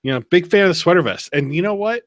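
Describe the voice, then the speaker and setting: A man hosting a podcast in casual chat, telling stories with lively laughs. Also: high-pitched, no room sound. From Pennsylvania. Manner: animated storyteller, quick laughs. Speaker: podcast host.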